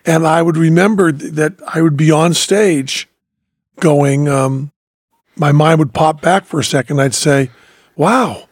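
A man's voice: a little high, steady tone, a little slow, a little mellow, no echo, clean studio sound. A man hosting a podcast, telling stories in a reflective way with many fillers and restarts. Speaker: podcast host. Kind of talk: casual conversation.

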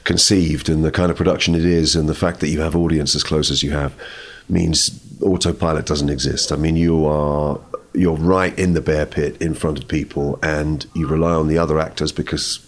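A British man, an actor being interviewed, speaking in a measured, thoughtful way. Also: very deep voice, flat delivery. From Britain. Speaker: guest actor. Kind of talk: interview conversation.

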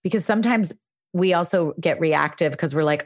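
Low-voiced woman host, close and dry. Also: normal speed, no room sound. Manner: affirming, thoughtful. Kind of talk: casual podcast chat.

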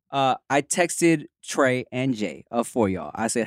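A man's voice: mid-range voice, big pitch swings, a little slow, hardly any pauses, no room sound, clean studio sound. A man with a Los Angeles accent, hosting a casual chat in a slangy, laid-back way. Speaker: podcast host.

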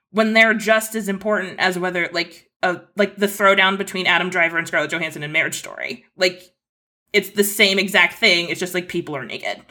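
A woman's voice: on the low side, brisk, bright, forceful tone. A young adult woman, an entertainment journalist guest, chatting casually and rambling with many "like" fillers. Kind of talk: casual podcast chat.

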